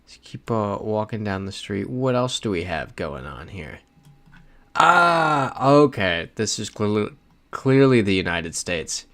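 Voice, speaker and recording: A man's voice: on the low side, very animated, a little slow, fairly bright tone. A man hosting a casual livestream, chatting loosely and reading viewer messages aloud as he plays. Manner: chatty, reads chat messages aloud while playing. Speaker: livestream host. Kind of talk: casual live-stream chat.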